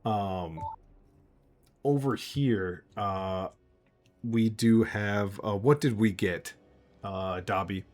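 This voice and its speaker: A man's voice: on the low side, extremely slow, pauses often, darkish tone. A man narrating as game master of a tabletop game, loose and full of fillers, chuckling often.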